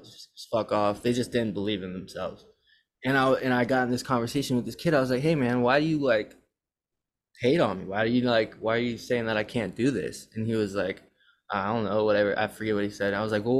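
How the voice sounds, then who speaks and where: Profane young man telling animated stories. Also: mid-range voice. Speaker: podcast host and rapper. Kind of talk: casual chat.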